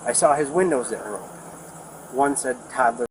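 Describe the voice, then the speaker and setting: A man's voice: medium pitch, animated, fairly quick. A young man, a neighbor, rambling through a retelling of events to police outdoors and acting out what others said. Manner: rambling, acts out quoted talk. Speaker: neighbor giving a statement. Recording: noisy outdoor body camera audio.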